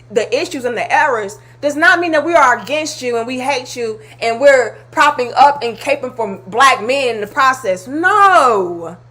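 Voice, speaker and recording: A woman's voice: high voice, pushed and bright. A woman hosting a commentary video, blunt and exasperated, swearing freely as she reacts to clips.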